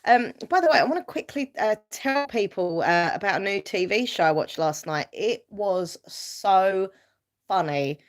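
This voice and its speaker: A YouTuber with an animated, mid-range voice hosts a live stream, talking a little slowly as she reads viewer comments aloud and responds. She rambles casually, with fillers and light laughs.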